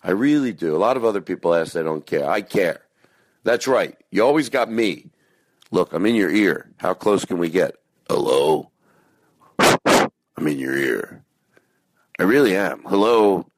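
A man's voice: low-pitched, lively intonation, normal speed. A man hosting a podcast, giving a silly, rambling intro spoken into his phone. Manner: playful, silly, rambling asides. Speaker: podcast host. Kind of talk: casual comic intro. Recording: phone-recorded, dry.

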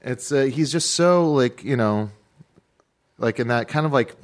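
A man co-hosting a podcast in casual chat, rambling and halting with lots of filler words. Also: mid-range voice. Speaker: podcast co-host.

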